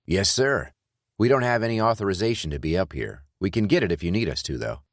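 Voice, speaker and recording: A composed former soldier talks his way out of trouble politely and calmly, as a male narrator voices him. The voice is deep, lifted only a little, and recorded dry and close. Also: quick pace, no echo. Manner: calm, polite. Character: calm male ex-soldier adventurer, steady and in control.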